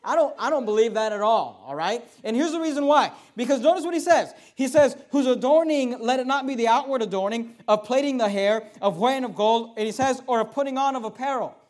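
A man with a high voice delivers a sermon. He reads scripture at a slow, deliberate pace. He drops to quiet asides, then pushes his points louder and with more force. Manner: emphatic, swings between quiet and loud, reads scripture slowly. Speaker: preacher.

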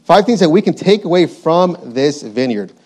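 A man's voice: on the high side, big pitch swings, moderate pace, darkish tone, husky. A man preaching a sermon, reading scripture aloud and repeating his points with emphasis.

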